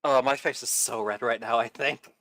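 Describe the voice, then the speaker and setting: Casual male co-streamer, mid-pitched voice, rambling and self-correcting. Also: fairly even intonation, moderate pace, a bit bright, dry recording. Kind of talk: casual chat while gaming.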